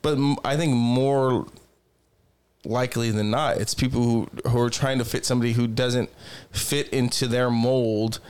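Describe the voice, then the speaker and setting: A man's voice: mid-range voice, fairly even intonation, moderate pace, a little mellow, clear, resonant tone. A man in casual chat who rambles with many fillers and swears freely. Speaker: podcast co-host.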